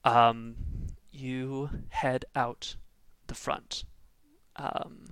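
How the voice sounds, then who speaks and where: A man narrating a tabletop game as game master, hesitant and halting. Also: mid-range voice, level tone, fairly bright tone, clear, resonant tone, no echo. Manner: hesitant, lots of fillers and restarts.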